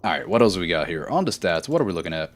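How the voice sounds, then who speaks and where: A man's voice: deep voice, big pitch swings, very fast. A man streaming a game live, chatting casually in a rambling, self-correcting way and laughing easily.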